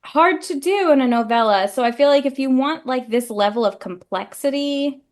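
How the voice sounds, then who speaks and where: Lively intonation marks this young female co-host's high voice as she talks at normal speed. On the book podcast she keeps things chatty and full of laughter, with "like" peppering her speech.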